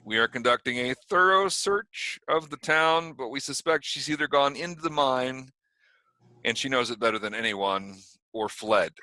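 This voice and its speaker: A man's voice: medium pitch, moderate pace, bright, forceful tone, dry recording. A man voicing a formal, solemn male small-town sheriff with a New York accent in a tabletop game. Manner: formal official apology.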